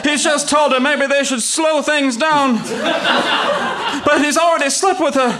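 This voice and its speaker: A man's voice: very high voice, steady tone, unhurried, crowd noise. An actor playing an overwrought old-time male radio reporter, gasping out breathless exclamations. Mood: anguished. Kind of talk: 1930s radio reporter parody.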